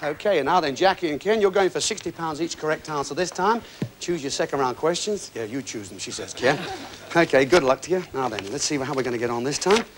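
A man with a slightly high voice hosts a quiz show with quick, joking patter. He reads out questions and banters with contestants in a television studio. A faint studio audience and music sit behind him. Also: expressive, crowd noise, background noise. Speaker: game show host.

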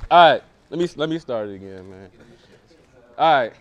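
High-voiced young man spitting battle bars. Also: animated, normal speed. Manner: punchy, confrontational, repeats lines for emphasis. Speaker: battle rapper. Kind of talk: live battle rap verse.

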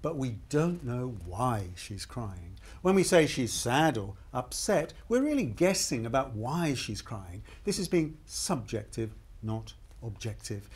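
An actor playing an upbeat game show host in a scripted training video, speaking. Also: male voice, mid-range voice, sing-song, a little slow, hardly any pauses, slightly rough. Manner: upbeat, emphatic presenter.

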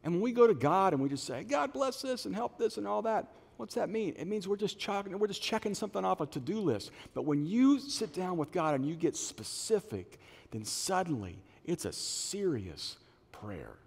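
A man's voice: sits high, moderate pace, creaky, breathy edge. A middle-aged male pastor preaching a sermon in a church auditorium, telling stories and acting out the voices of the people in them. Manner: animated storytelling, acts out quoted voices. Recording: long hall reverb.

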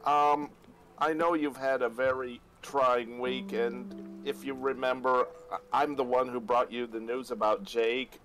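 A man's voice: mid-range voice, fairly even intonation, over music, lightly acted, low-quality recording. A man voicing a hesitant doctor who stammers as he delivers bad news. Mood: somber. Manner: halting, stammering repeats.

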